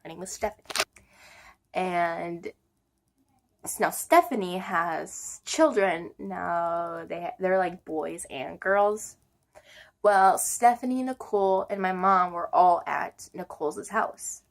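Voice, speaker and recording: Slow, giggly young woman storyteller. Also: fairly low pitch, vocal fry. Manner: chatty, giggly, full of "like" and "um". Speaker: vlogger. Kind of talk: casual storytelling.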